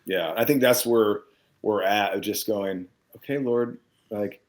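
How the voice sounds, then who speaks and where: Earnest low-voiced man, heartfelt. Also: measured pace, darkish tone, poor audio. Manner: heartfelt, earnest, gets choked up. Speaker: guest musician. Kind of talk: casual interview chat.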